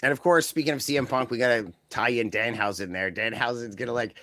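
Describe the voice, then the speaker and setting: A man's voice: medium pitch, fairly bright tone, no room sound. Rambling, jokey male podcast co-host. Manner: rambling, jokey, does quick silly voices. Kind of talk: casual wrestling chat.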